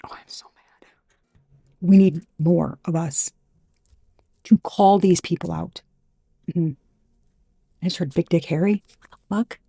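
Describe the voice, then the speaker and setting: A woman's voice: on the low side, fairly even intonation, measured pace, gravelly, pauses often, warm tone, husky, no echo, clean studio sound. A woman giving a casual channeled tarot reading, blunt and profane, who gets fired up, trails off and restarts often. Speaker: intuitive tarot reader.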